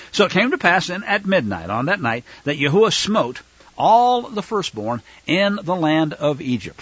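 A man's voice: on the high side, fairly bright tone, slightly rough, no echo, dull audio. A man preaching a sermon, reading scripture and explaining it, turning fiery when he denounces opponents. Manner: many fillers and restarts when explaining.

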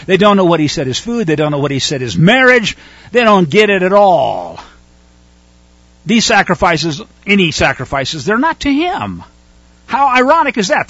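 A man's voice: sits high, fairly bright tone, no room sound, dull audio. A man preaching a sermon in a scolding, sarcastic manner with mocking asides.

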